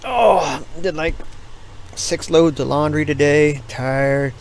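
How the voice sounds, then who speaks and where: A tired middle-aged American man with a gravelly voice, yawning as he rambles through casual commentary on his gameplay stream. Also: fairly high pitch, steady tone, takes it slowly, a little hiss or hum, rough recording.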